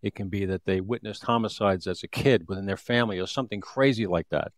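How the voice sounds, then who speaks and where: A man's voice: on the low side, fast, no echo, clean studio sound. A man in his fifties, a retired police detective, telling a street story in an interview with vivid, repetitive restarts.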